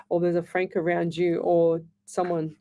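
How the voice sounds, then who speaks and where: Woman, radio psychic host; easygoing, reassuring chat, soft dark tone. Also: lowish voice, little pitch movement, measured pace. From Australia. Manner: chatty, reassuring, calls listeners lovey; reads listener comments aloud. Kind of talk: live call-in readings.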